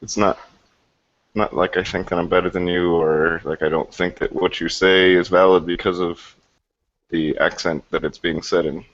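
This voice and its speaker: A man's voice: low voice, steady tone, normal speed, fairly bright tone. A man bantering on a group call in a teasing, mocking way. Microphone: computer mic on video call. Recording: muffled online call audio.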